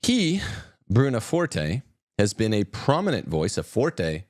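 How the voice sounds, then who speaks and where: Low-voiced man hosting sarcastic commentary. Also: huge pitch swings, takes it slowly, no echo, studio quality. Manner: sarcastic, mocking asides. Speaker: host. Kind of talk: opinionated news commentary.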